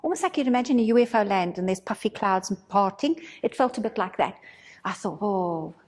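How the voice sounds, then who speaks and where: A woman teaching a spiritual course, telling a story in a casual, animated way and acting out her own thoughts. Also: medium pitch, brisk, big-room sound.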